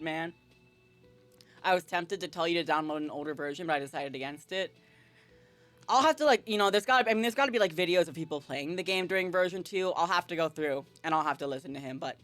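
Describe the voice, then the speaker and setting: Brief: an excitable, jokey female streamer chatting over a game, swearing freely, dry close-mic sound. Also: lowish voice, a little fast, no room sound. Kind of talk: casual gameplay commentary.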